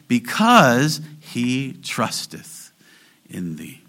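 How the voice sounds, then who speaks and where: A man preaching a sermon in an earnest way, slowing down and rising in volume to stress key phrases. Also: on the low side, a bit bright. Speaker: pastor.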